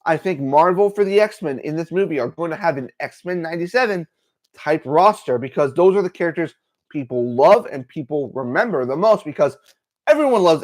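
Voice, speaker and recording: A man hosting a livestream. He chats casually and excitably, with many fillers. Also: a little high. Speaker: host.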